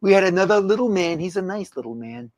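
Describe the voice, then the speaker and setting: A man's voice: high-pitched, animated, quick pace, darkish tone, no echo. A man doing a comic impression of a blustery, boastful older male politician, repeating himself as he brags. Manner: bragging, repetitive reassurance. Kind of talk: comic impression on a live chat show.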